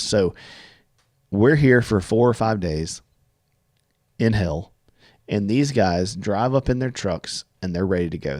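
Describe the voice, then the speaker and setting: Deep-voiced earnest man. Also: a little mellow, dry recording, clean studio sound. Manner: earnest, reflective, with halting restarts. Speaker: podcast guest telling his story. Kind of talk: personal storytelling monologue.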